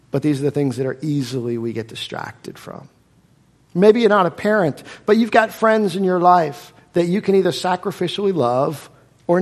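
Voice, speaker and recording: A man preaching a sermon in a church, his voice sitting a little on the higher side. He drives his points home by repeating key phrases and slipping into quoted voices. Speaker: pastor.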